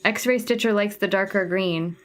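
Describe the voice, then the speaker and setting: A woman's voice: mid-range voice, moderate pace, soft background music. Chatty woman hosting a stitching livestream. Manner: chatty, thinking aloud while sorting flosses. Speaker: cross-stitch livestream host. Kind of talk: casual livestream chat.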